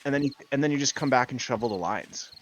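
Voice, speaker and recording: A man's voice: medium pitch, fast talker, slight background noise. A man in his thirties telling a rambling story in casual chat while gaming, swearing often and filling with "like". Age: 30s. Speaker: gaming video host.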